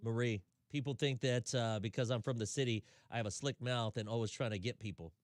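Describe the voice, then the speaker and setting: A man's voice: medium pitch, brisk, no room sound. Man, Southern accent, radio host, casual chatty storytelling, dry studio sound. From Tennessee, US. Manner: loose and chatty, laughs easily, trails off.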